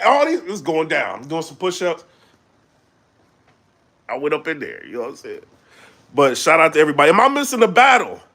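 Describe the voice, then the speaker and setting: A man chatting casually on a live stream, animated and full of fillers, breaking into loud shouts when he gets excited. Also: fairly high pitch. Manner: animated, loose, full of fillers like "you know what I'm saying". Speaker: battle rap commentator.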